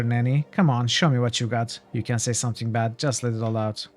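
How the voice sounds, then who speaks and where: A man's voice: medium pitch, steady tone, brisk, hardly any pauses, soft background music. A man streaming a role-playing game, reading his replies aloud in a playful, teasing way.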